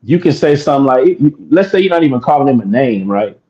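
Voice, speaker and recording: A man with a Houston accent, a podcast co-host in casual chat, giving his opinion in a measured way. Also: medium pitch, lively intonation, warm tone. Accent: Southern US, Houston. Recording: dull lo-fi sound.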